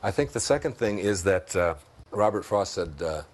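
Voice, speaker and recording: His voice is on the low side and expressive, moving at a moderate pace. As an interview guest with a Detroit accent, he reflects on spiritual matters in an expansive, storytelling manner, often laughing at his own jokes.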